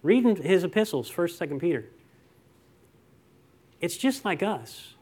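A middle-aged pastor preaching a conversational sermon, telling stories and asking rhetorical questions. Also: male voice, sits high, very animated, a little slow, a little mellow, husky.

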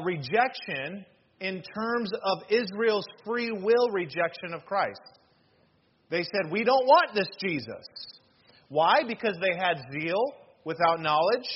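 Joking male pastor, dull lo-fi sound. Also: high-pitched. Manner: joking asides, polls the congregation. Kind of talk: sermon. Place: church hall. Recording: dull lo-fi sound with faint noise.

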